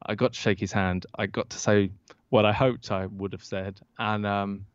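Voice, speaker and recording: A man, a podcast guest and author, telling an anecdote in an interview and acting out the quoted lines with lively jumps in his voice. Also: on the low side, normal speed, clean tone, no room sound. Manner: lively storyteller who acts out quoted lines. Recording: dull lo-fi dry sound.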